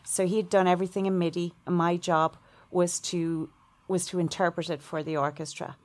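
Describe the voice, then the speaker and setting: Composer lady, middle-aged, kinda low voice, chatty and animated, does little voices for people in her stories. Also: moderate pace. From Ireland. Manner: animated, acts out quoted voices with laughs. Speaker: composer guest. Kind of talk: storytelling interview answer.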